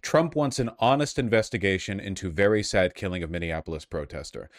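A man's voice: deep voice, brisk. A man giving casual, sarcastic commentary, rambling with many fillers and restarts. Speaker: online commentator.

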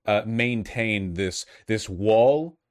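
A man's voice: on the low side, drawn-out words, clear, resonant tone. A man giving casual, sarcastic commentary, rambling with many fillers and restarts. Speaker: online commentator.

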